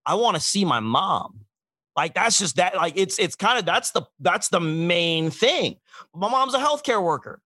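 A man's voice: high voice, big pitch swings, measured pace, sharp tone, dry recording. A man co-hosting a casual podcast, ranting emphatically with profanity and acting out quotes. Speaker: podcast co-host. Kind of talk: casual comedic podcast rant.

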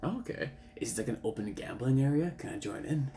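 A player in a tabletop game, playful and quick to laugh, who picks up and copies accents. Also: mid-range voice, lively intonation, very noisy. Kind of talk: playing a tabletop game, casual chat.

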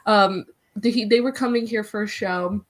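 A woman's voice: medium pitch, moderate pace. Bubbly young woman telling a story. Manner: bubbly, excitable storytelling, many "like"s. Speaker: wrestling interviewer, podcast guest. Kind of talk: casual podcast chat.

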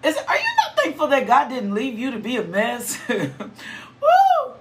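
A woman's voice: on the high side, wildly swooping pitch, brisk, a bit bright. A woman preaching and praying fervently, with repeated thanks, bursts of exclamation, and casual, colloquial talk to her listeners. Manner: fervent, repetitive praise with bursts of exclamation and laughter. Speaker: preacher leading prayer. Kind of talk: prayerful devotional sermon.

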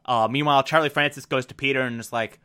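A man's voice: medium pitch, fairly even intonation, fast talker, sharp tone, smooth. A man casually recapping a TV episode, enthusiastic and rambling, laughing at himself. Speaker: TV episode reviewer. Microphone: desk mic.

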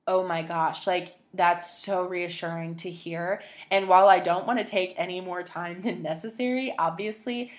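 Young woman, podcast host, slightly low voice, rambling personal story, emotional, lots of "like". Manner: rambling, emotional, heavy use of "like".

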